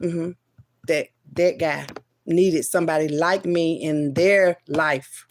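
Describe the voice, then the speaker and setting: With fairly even intonation and a slow pace, a woman relates an emotional experience as a mother. She curses and stresses her words, moving between loud outbursts and soft murmurs while refusing over and over.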